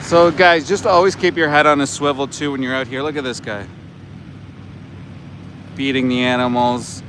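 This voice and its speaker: A man's voice: medium pitch, fairly even intonation, moderate pace, long pauses, fairly bright tone, slight background noise. A middle-aged man doing livestream commentary outdoors, blunt, profane and indignant. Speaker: animal rights activist, livestreamer. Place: outdoors by a roadside.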